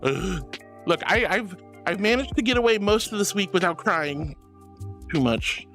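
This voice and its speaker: Woman streamer, casual chat, bubbly and giggly, very animated pitch, soft music underneath. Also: unhurried. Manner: bubbly, giggly and emotional, greeting chatters warmly.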